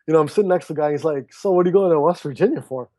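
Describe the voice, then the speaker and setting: A man in his thirties tells his story as a podcast guest in a relaxed, conversational way. His voice sits a bit high for a man, and he acts out the lines of the people in his story. The sound is dry and close, with no room echo. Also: very fast. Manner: animated storyteller who acts out quoted dialogue. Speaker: podcast guest, author and speaker. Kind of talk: casual storytelling interview.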